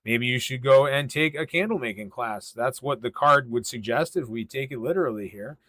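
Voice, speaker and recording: A man giving live tarot readings in a loose, easygoing way, drifting through his thoughts with frequent ums and uhs. His voice sits at an ordinary middle pitch. The sound is dry and close, with no room echo. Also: moderate pace. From western Massachusetts. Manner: relaxed, rambling, many ums and uhs. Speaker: tarot reader hosting a livestream. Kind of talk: casual livestream tarot reading.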